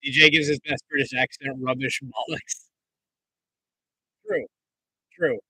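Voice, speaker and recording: Young guy streaming play-by-play, bright forceful voice, dry close sound, chats w/ viewers a lot. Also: on the high side, fairly even intonation, normal speed, breathy edge, dry recording, rough recording. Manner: chatty, reads viewer comments aloud between plays. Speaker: livestream commentator. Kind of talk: live play-by-play commentary and chat reading.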